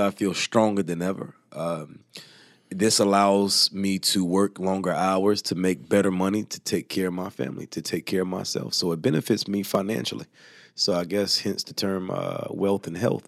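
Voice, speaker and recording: A man's voice: deep voice, fairly even intonation, normal speed, gravelly, dry recording, studio quality. A man, talking emphatically as an interview guest, often laughing. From Alabama, US. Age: 30s. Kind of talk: casual interview talk.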